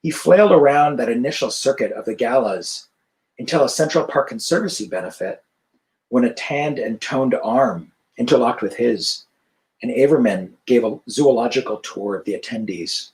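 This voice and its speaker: A male author reading his novel aloud over a video call in an even, measured narration. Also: medium pitch, low-quality recording.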